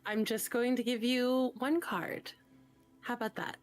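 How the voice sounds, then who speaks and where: A woman voicing a gentle, retired bunny fortune teller in a tabletop game, speaking in a soothing, coaxing way. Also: fairly high pitch, steady tone, unhurried, soft background music, lightly acted.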